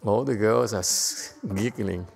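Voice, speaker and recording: A female Buddhist teacher gives a Dharma lecture to a live audience, emphatic and playful, swinging between quiet asides and loud outbursts. Her voice is rumbling low, gravelly and a little slow, in an echoey hall with long reverb.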